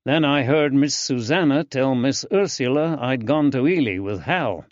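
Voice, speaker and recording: A male narrator voicing an earnest, eager young man with a soft drawling accent in an audiobook. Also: medium pitch, animated, normal speed, no echo, lo-fi sound, pitched above the performer's own voice, close to an everyday voice.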